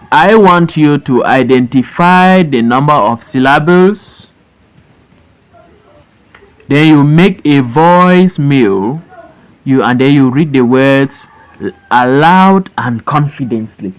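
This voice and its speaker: A man's voice: mid-range voice, rough recording. A man teaching a phonics lesson, stretching words out syllable by syllable and repeating them for learners. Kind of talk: slow classroom phonics lesson. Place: voice-over for an online lesson.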